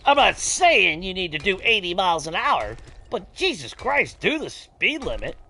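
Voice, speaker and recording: Profane, animated man ranting. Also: sits high, normal speed, slight background noise. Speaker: gaming streamer. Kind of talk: casual ranting chat over gameplay.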